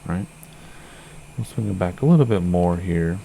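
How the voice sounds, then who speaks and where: Low mellow guy rambling chatty over a flight sim, bit hoarse, a little gravelly. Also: lively intonation, moderate pace, slight background noise. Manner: chatty, rambling, self-correcting. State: slightly hoarse. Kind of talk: casual gameplay commentary.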